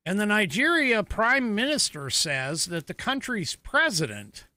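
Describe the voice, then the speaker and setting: A man's voice: high voice, big pitch swings, unhurried, pushed and bright, dry recording. A middle-aged man hosting a podcast, giving casual political commentary in a conversational way, with frequent fillers and self-corrections. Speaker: podcast host.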